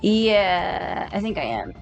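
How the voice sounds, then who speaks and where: A woman's voice: lowish voice, sing-song, slow, creaky, soft background music. A woman streaming a game live, talking herself through it and swearing freely. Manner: swears freely, talks to herself while playing. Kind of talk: live gameplay chat.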